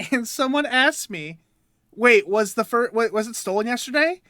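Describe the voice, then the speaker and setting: A man's voice: very high voice, expressive, a little slow, pushed and bright, dry recording, studio quality. A young man co-hosting a podcast, telling a rambling story about himself while laughing between sentences. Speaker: podcast co-host. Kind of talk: casual storytelling chat.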